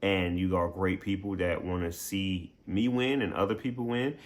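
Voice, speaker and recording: An adult male game streamer recaps things casually for his viewers, playful and chatty, laughing often. His voice sits low, with a steady tone and normal speed.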